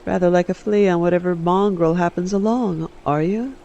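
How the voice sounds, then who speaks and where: A man's voice: high-pitched, moderate pace, vocal fry, mellow, dull audio. A man reading aloud and voicing an ambitious, scheming queen mother in a cool, cutting manner. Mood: cold, scheming.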